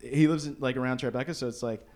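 A man telling a story in casual chat, animated and laughing often as he acts out what people said. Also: medium pitch, quick pace.

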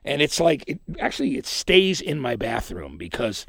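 A man hosting a podcast and interviewing guests in a rambling, excitable way. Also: medium pitch, normal speed, gravelly, no echo, studio quality. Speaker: podcast host. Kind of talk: casual interview chat.

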